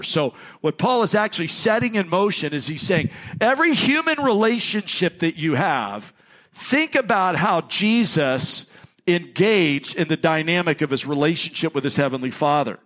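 A man preaching a sermon as a pastor, giving announcements and teaching in an energetic, conversational way with jokey asides. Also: on the high side, moderate pace. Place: church sanctuary with congregation.

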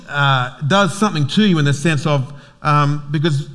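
A man's voice: fairly high pitch, animated, a little slow, fairly bright tone. A man with an Australian accent, a pastor giving a casual, joking sermon full of fillers and restarts.

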